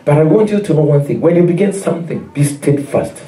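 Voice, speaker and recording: A man's voice: fairly high pitch, lively intonation, brisk, warm tone. A man with a Kenyan accent preaching a sermon as pastor, in call-and-response style with repeated phrases. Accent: Kenyan English. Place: church hall. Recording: roomy, distant church recording.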